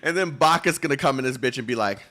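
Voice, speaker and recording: A man's voice: mid-range voice, fast talker, sharp tone. A man streaming a game, reading its dialogue aloud, tripping over words and laughing at himself between loose, joking banter.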